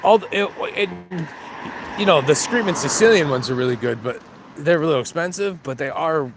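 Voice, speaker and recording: A man's voice: a little high, expressive, fairly quick. Guy vlogging while walking his dog, rambly, laughs at his own jokes, some faint noise around. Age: adult with kids. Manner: rambling, jokey, laughs at himself. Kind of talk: casual walk-and-talk monologue. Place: outdoors on a dog walk.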